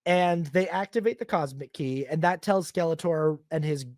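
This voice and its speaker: Brief: male podcast host, higher register, dry close sound, lively and jokey, quotes characters in put-on voices. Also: moderate pace, dry recording. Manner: animated, acts out characters in silly quoted voices. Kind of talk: casual film podcast chat.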